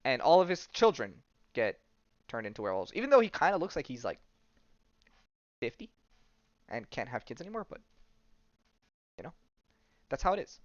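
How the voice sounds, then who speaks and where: A man's voice: medium pitch, very animated, moderate pace, long pauses, no echo, highs cut off. A man hosting a podcast, casually retelling a comic story with loose jokes and lots of fillers. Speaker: podcast host. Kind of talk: casual comic-book recap.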